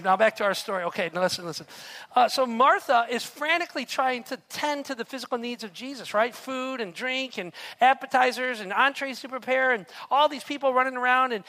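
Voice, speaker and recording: A man preaches a sermon in an animated storytelling manner. He keeps turning to his listeners with rhetorical asides and questions. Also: very high voice. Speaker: pastor.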